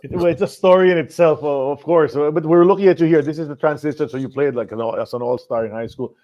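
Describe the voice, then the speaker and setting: A man hosting a podcast, asking the guest quick, friendly questions. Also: a little high, warm tone. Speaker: podcast host. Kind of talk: interview questions. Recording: muffled lo-fi audio.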